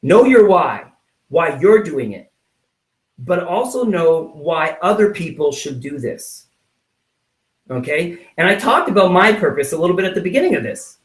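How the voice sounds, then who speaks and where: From a home office, a network marketing trainer with a voice on the high side talks at a moderate pace through a motivational sales training. He animates his points by acting out little scenes and keeps asking "right?", while the recording sounds roomy with the mic placed far off.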